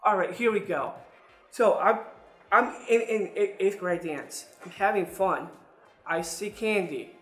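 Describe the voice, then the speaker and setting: A young adult man speaks straight to his listeners, earnestly telling a personal story and repeating words as he goes. His voice sits high and a bit bright, with a measured pace. The sound is roomy, with faint music behind him.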